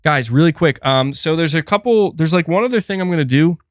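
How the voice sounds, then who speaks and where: A man with a somewhat higher voice hosts a gaming livestream in loose, chatty fashion, keeping the talk going while he coaxes his cat. He sits close to a desk mic in a dry, dead room with no echo. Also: lively intonation, brisk. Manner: chatty, keeps breaking off to coax his cat. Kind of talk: casual live-stream chat.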